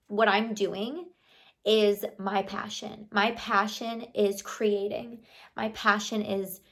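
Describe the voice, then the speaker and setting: A woman in her thirties vlogging to camera in a casual, motivational chat, chatty and affirming, full of "like" and "you know". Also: medium pitch.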